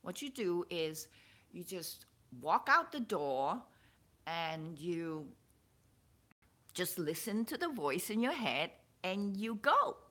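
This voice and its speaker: Slow-talking, emotional woman vlogger. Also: on the low side. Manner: rambling, restarts and repeats words, excitable. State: emotional, stirred up. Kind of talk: personal vlog, emotional monologue.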